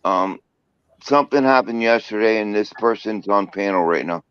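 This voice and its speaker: A man's voice: fairly low pitch, moderate pace, a bit bright, clean tone, no room sound, highs cut off. A man speaking earnestly on a livestream panel, flustered and pleading, with many ums and uhs.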